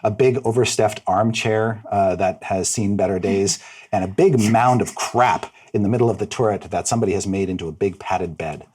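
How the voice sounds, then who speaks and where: A man's voice: lowish voice, moderate pace, darkish tone, husky. A man running a tabletop game as game master, describing scenes steadily with small fillers.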